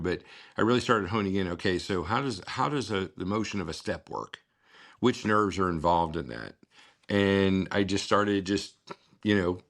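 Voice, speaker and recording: Gravelly-voiced middle-aged man telling a story. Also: low voice, a bit bright. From United States. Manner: rambling, acts out past dialogue, many fillers. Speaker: guest, father and scuba therapy founder. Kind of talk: storytelling interview answer.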